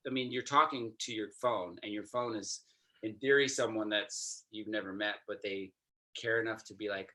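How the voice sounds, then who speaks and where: A man chatting as a guest, laid-back and halting, often laughing between his thoughts. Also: fairly low pitch, steady tone, pushed and bright. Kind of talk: casual chat.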